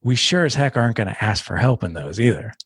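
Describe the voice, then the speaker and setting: A man in his thirties, a guest on a podcast, telling a personal story in casual talk and acting out quotes with sudden jumps in pitch. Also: fast, husky, dry recording, studio quality. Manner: animated, acts out quotes with sharp pitch jumps. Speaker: podcast guest, founder of a fathers' community.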